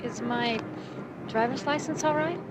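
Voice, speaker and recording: Young woman in trouble, high and defensive; vintage TV drama. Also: measured pace, very noisy. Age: young adult. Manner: pleading, defensive, rising to shouting. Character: frightened young woman college student. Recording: old TV drama with music behind.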